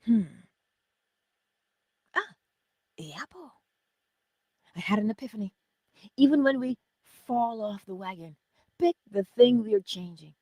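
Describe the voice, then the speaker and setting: Husky, lively woman preaching to viewers. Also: fairly high pitch, unhurried, pauses often, no room sound. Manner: animated, drops to whispered asides, chuckles often; speaks straight to the viewers, answers chat comments. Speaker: host of a morning inspiration livestream. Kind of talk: live-streamed inspirational teaching.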